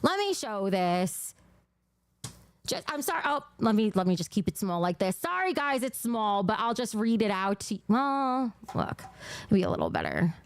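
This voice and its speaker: With a New Jersey accent and a mid-range, sing-song, clear, resonant voice at normal speed, a woman hosts a casual livestream. She is blunt and sometimes profane, gushing over viewers' donations, and the recording is dry.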